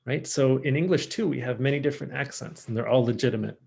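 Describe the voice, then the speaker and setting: A man with a Californian accent, teaching a French class online and modelling French words slowly and clearly. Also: medium pitch, darkish tone.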